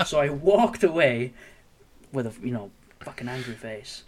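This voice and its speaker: A young man telling a story in casual chat, animated, sweary and self-mocking. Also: medium pitch, a little slow, crowd noise. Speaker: podcast co-host.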